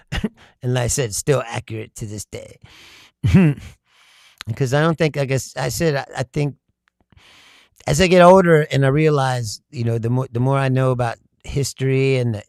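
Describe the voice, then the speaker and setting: Gravelly, profane man ranting with laughs. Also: medium pitch, no echo, studio quality. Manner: profane, laughs often, rambling asides. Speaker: political commentary host. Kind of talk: casual comedic political rant.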